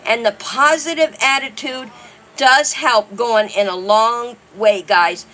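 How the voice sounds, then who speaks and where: A woman hosting a casual livestream, chatting warmly and reading out viewer comments. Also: on the high side, slow pace, slight background noise. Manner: chatty, warm, reads viewer comments aloud. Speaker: livestream host.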